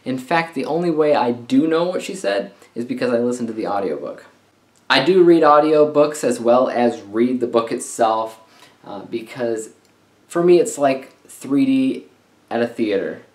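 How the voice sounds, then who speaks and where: Male vlogger, casual book-review chatter, average pitch, room echo on the mic. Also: animated, normal speed. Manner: chatty and conversational, with frequent "uh" fillers. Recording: roomy echo.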